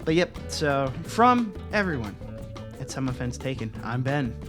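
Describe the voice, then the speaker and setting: A man's voice: medium pitch, sing-song, measured pace, music in the background. A man co-hosting a podcast in casual chat, reacting in short, laid-back remarks and cursing mildly. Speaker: podcast co-host.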